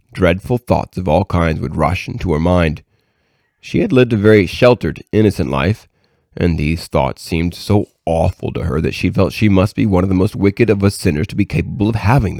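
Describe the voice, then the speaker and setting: A man reading aloud from a devotional book in a measured, earnest way. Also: low-pitched, vocal fry, a little mellow, dry recording, studio quality. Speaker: reader.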